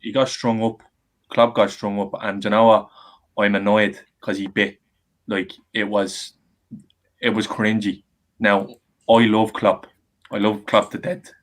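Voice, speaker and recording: A man's voice: on the low side, flat delivery, a little slow, pauses often. Heated man ranting in football chat. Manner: heated, swears. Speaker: podcast co-host.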